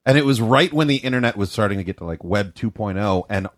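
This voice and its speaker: Man, podcast co-host, teasing jokes, very lively pitch. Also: fast. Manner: teasing, joking. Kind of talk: casual podcast banter.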